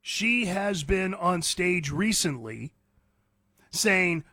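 High, lively combative radio talk man. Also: a little slow, no echo, studio quality. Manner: combative, ranting, blunt. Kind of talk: opinionated talk radio monologue.

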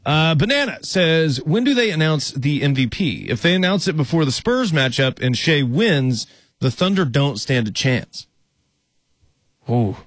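A man's voice: on the high side, big pitch swings, measured pace, no echo, studio quality. A man co-hosting an afternoon sports radio show, chatting loosely and poking fun at his own mistakes. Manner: loose, self-deprecating, laughs easily. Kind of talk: casual sports radio banter.

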